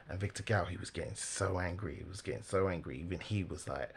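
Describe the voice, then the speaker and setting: A man giving casual, animated religious commentary, laughing often and mimicking the people he talks about. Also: low-pitched, fairly quick, creaky, hardly any pauses, a little hiss or hum.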